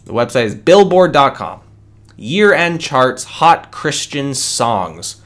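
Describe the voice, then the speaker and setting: A man hosts a solo opinion podcast, speaking slowly in a medium-pitched, slightly bright, sing-song voice. He argues his view earnestly and conversationally, restarting his sentences many times.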